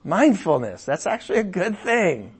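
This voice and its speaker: A middle-aged man preaching as a pastor in a conversational way, breaking into loud emphatic bursts. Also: high-pitched, sing-song, moderate pace, slightly rough. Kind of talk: sermon.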